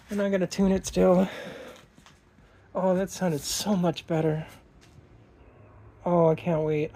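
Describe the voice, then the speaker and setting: A woman's voice: fairly low pitch, gravelly, dark tone, a little hiss or hum. A woman working on her car in a garage, talking to herself and swearing in casual vlog narration. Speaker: car vlogger. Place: garage, indoors.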